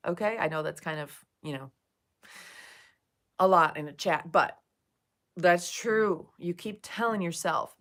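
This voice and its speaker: A woman's voice: fairly low pitch, unhurried, long pauses, a bit bright. Woman, livestreamer, casual chat, cursing, soothing. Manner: chatty, swears freely, soothing with viewers. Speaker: live streamer chatting with viewers.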